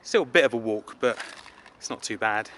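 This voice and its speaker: A man's voice: fairly low pitch, animated, brisk, fairly bright tone, a little hiss or hum. A man from England vlogging casually outdoors, rambling and self-deprecating with lots of filler words. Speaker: travel vlogger. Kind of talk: casual rambling travel vlog. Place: outdoors in a city.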